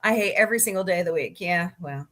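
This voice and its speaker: A woman's voice: lowish voice, animated, fast talker, a bit bright. A woman hosting a casual livestream, chatting in a goofy, easygoing way as she greets viewers in the chat. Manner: chatty, goofy, laughs easily. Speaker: livestream host. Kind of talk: casual chat reading live comments. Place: home, cats nearby.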